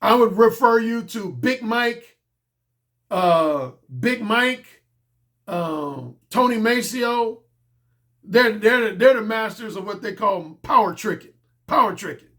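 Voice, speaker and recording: A man's voice: high-pitched, lively intonation, takes it slowly, a bit bright. A man speaking as a dating coach in a blunt, casual monologue, emphatic and profane, often repeating his key points.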